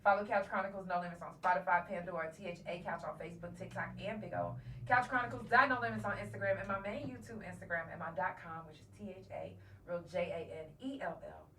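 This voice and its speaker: A woman's voice: lowish voice, fast, few pauses, pushed and bright, distant mic, slight background noise. A woman hosting a live podcast, telling candid, emotional stories in a profane, casual way. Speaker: podcast host. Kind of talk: casual live-stream storytelling. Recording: roomy echo, voice from off mic.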